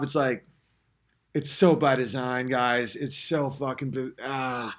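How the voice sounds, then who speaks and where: Bright-voiced man ranting and swearing at home. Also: fairly high pitch. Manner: ranting, heavy swearing, swings between yelling and muttering. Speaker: podcast host. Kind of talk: comedic rant. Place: at home at night.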